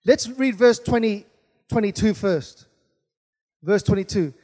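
High-voiced preaching man in a reverberant hall. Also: expressive, measured pace, pauses often, mellow. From Australia. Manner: preaching with repeated calls of amen and hallelujah. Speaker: pastor. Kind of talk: sermon. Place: large church hall.

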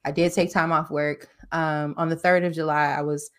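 A woman with a lowish voice shares candid personal stories in casual group chat. Her telling is animated and open, as a co-host talking with friends. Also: normal speed.

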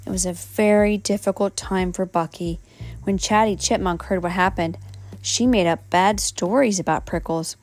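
A woman's voice: mid-range voice, fairly even intonation, normal speed. Woman reading a children's book aloud. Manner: unpolished reading with slips and self-corrections. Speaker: reader.

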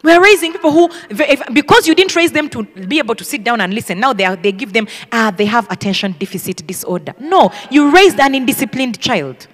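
Woman preacher, high and animated, emphatic teaching style, booming reverb of a hall. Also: a little fast, few pauses. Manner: emphatic, acts out children's voices. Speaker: ministry school teacher.

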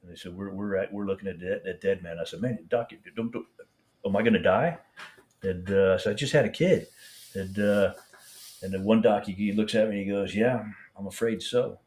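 A man telling stories from his service in a rambling, halting way, with many restarts and fillers. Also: lowish voice, steady tone, a little mellow. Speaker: veteran guest. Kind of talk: casual storytelling interview.

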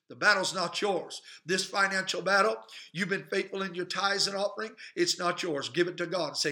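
Male pastor, high and piercing voice, fervent emphatic sermon delivery. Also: moderate pace, few pauses, bright, forceful tone. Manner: fervent, emphatic, repetitive preaching cadence. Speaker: pastor and evangelist. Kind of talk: preaching sermon. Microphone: podcast microphone.

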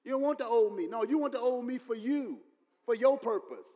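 A man preaching a sermon, repeating his points and building to loud exclamations. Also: extremely high pitch, expressive, a little fast, muffled recording. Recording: long hall reverb.

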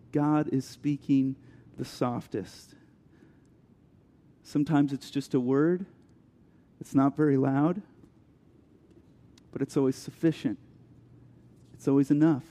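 A man preaching an earnest sermon as pastor, dropping to a hush for soft passages and building with rising questions. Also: on the high side. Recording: long hall reverb.

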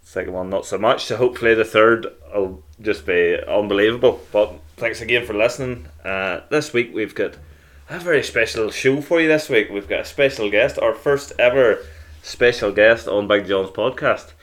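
A man's voice: lowish voice, normal speed, a bit bright. A man with a Northern Irish accent hosting a podcast in casual, cheeky, jokey banter with crude humour. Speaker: podcast host.

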